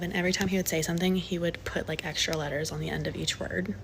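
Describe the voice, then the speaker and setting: Gravelly-voiced woman ranting to camera. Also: on the low side, steady tone, quick pace, slight background noise. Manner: exasperated, sarcastic storytelling. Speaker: social media creator. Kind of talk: monologue to camera.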